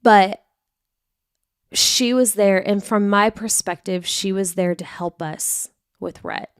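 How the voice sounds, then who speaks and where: A woman's voice: medium pitch, takes it slowly, clean tone, no room sound, studio quality. A young woman hosting a podcast, talking frankly and emotionally about hard personal events and acting out her own past outbursts. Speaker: podcast host. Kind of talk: candid confessional podcast monologue.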